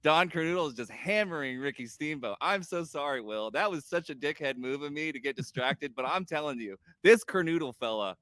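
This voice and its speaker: Excitable male co-host, lively and bright, casual chat. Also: a little high, fairly quick, hardly any pauses, dry recording. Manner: excitable, laughing, animated storytelling. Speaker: podcast co-host.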